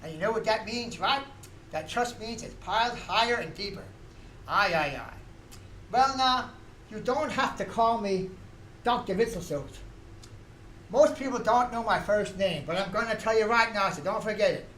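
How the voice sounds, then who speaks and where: Folksy joke-teller, roomy studio. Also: male voice, sits high, lively intonation, moderate pace, a bit bright, slight background noise. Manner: folksy joking storyteller with punchlines. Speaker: folk musician and comic storyteller. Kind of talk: comic stage monologue. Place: radio station studio.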